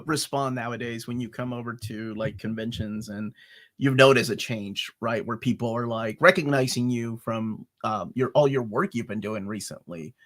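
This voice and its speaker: A man's voice: mid-range voice, steady tone, normal speed, fairly bright tone. A man hosting an interview, chatty and joking. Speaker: host. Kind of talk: casual interview chat.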